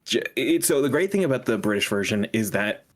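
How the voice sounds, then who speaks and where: A young man co-hosting a casual podcast chat, ranting with animation and dropping into mocking high-pitched impressions. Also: expressive, a little fast. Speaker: podcast co-host.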